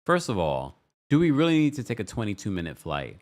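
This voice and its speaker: A young man hosting a casual show recap, sassy and animated, who jumps into a high voice when he quotes people. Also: brisk. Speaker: recap host.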